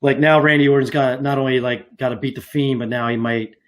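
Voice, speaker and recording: A man's voice: medium pitch, steady tone, a little fast. A man co-hosting a wrestling podcast, talking in a rambling, casual way with many fillers and restarts. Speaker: podcast co-host. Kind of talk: casual chat.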